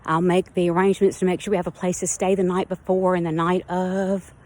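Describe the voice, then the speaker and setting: A woman's voice: on the low side, little pitch movement, a little fast, a little mellow. A woman talking candidly and a little out of breath in an outdoor personal vlog. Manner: candid, rambling, heartfelt. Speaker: vlogger.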